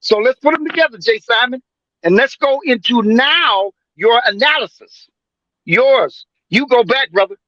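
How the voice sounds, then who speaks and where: High, lively man in his seventies. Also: unhurried, dry recording, dull audio. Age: 70s. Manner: rambling, emphatic, many filler sounds and restarts. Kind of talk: casual profane sports debate.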